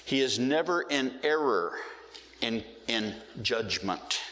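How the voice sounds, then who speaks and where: A middle-aged male pastor preaching a sermon, stretching out key words slowly for emphasis. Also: mid-range voice, lively intonation, pushed and bright. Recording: hall reverb.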